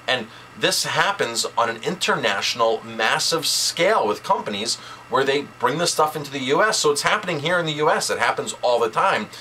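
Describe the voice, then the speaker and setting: A male chef talks straight to camera in an outraged vlog rant. His voice is bright and forceful, and he stresses his points by repeating words. Faint noise sits under the recording. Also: mid-range voice, expressive, a little fast, rough recording.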